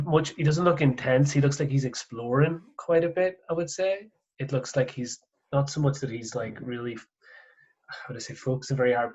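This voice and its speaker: Male golf coach hosting a casual chat, halting and filler-heavy, average pitch, dull low-fidelity sound. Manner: hesitant, filler-heavy speech with many likes. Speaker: golf coach and podcast host.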